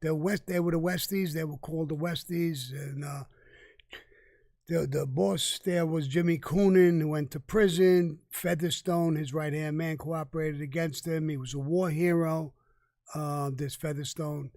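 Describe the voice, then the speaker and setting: An older man talks in a casual live Q&A. His voice sits a little high, and the mic picks him up dry and close. He is blunt and profane, stumbling and restarting as he goes. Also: steady tone, a little slow, a little mellow, no echo. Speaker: guest answering viewer questions.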